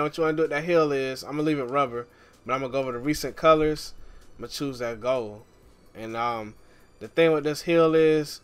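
A relaxed man talks viewers through a game tutorial in an easygoing, chatty way. His voice is smooth and clear at a middle pitch, and faint background music plays under the voice-over. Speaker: gaming YouTuber.

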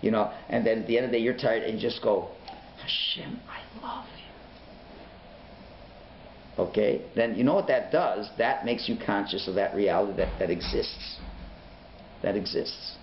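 A man teaching a Torah class as a rabbi, animated and dramatic, acting out voices, swinging from hushed whispers to sudden shouts. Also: fairly low pitch, brisk. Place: synagogue learning centre classroom. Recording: echoey room, dull lo-fi sound, faint hiss.

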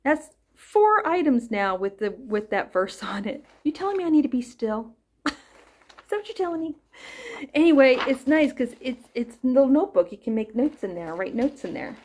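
A woman's voice: sits high, big pitch swings, moderate pace, a little mellow. A middle-aged woman chatting casually as she unboxes gifts on her crochet vlog, gushing and thinking aloud. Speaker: crochet vlogger.

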